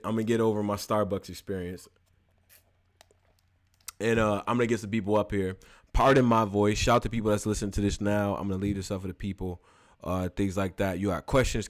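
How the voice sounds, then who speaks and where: Hosting a live call-in program, a man in his early 30s spins lively, slangy stories in a casual monologue. Afterward he eases into mumbled, loose and low-key housekeeping.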